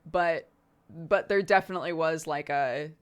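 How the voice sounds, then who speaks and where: A woman's voice: low-pitched, normal speed, clear, resonant tone. An American woman streamer chatting casually while gaming, laughing often.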